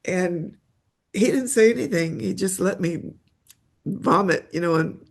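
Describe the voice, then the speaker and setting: An older woman, a memoir author and interview guest, telling a personal story in a halting way, repeating words as she gets tearful. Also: fairly low pitch.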